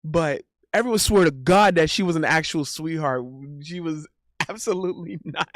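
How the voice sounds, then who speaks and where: A man's voice: on the high side, moderate pace, fairly bright tone, no room sound, clean studio sound. Rambling young man telling a story. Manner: rambling, restarts often, laughs at own story. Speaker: streamer. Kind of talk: casual storytelling banter.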